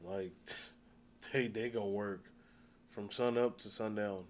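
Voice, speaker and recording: A man's voice: fairly low pitch, fairly even intonation, slow, a little hiss or hum. A man from the United States in casual, profane chat, firing off rhetorical questions.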